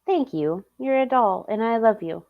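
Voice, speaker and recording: A woman with a Southern US accent, hosting a stream and chatting casually with relaxed, playful asides. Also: on the high side, normal speed, dull audio. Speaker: streamer host.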